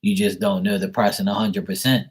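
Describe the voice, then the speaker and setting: A man running a live tarot stream, chatting and rambling in a casual, loose way. His voice sits a bit low, and he swears freely and laughs often as he talks. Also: little pitch movement, a little fast, slightly rough, low-quality recording. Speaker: tarot reader.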